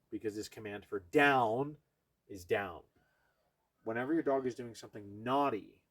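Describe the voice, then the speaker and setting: Husky-voiced man teaching dog training. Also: fairly low pitch. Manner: explains step by step to viewers while working a dog; breaks off to praise and coax the dog. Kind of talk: hands-on training demonstration.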